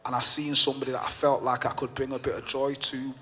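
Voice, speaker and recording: A gym owner appearing as a podcast guest tells a story in conversation, pressing his points passionately and repeating phrases. He's a fast talker with a medium-pitched, pushed, bright voice that barely moves in pitch, and the recording has long reverb.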